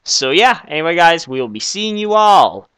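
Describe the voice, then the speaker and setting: A young man hosting a comedic game skit, excitable and easily flustered, stammering often. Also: a little high, normal speed, clear, resonant tone, no room sound. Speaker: video creator.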